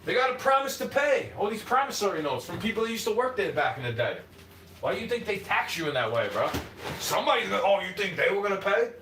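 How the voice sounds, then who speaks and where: A man with a New York accent rants profanely and combatively into a distant mic. His voice rides high with wide, restless swings of pitch. The room echoes around him, with a faint hum of ambience underneath. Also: very animated, fast talker. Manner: combative, swearing, jumps between muttering and shouting. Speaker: livestreamer. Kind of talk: profane ranting monologue.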